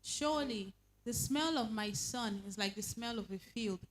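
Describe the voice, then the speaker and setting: A woman reading Bible verses aloud at a prayer meeting, in a steady, measured way. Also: on the high side, low-quality recording. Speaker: scripture reader.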